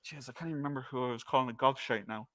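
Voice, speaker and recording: A man's voice: medium pitch, racing. An Irish man chatting casually as a guest wrestling pundit, going off on tangents and swearing freely. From Ireland. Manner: animated, swearing, restarts and tangents. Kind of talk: casual podcast chat.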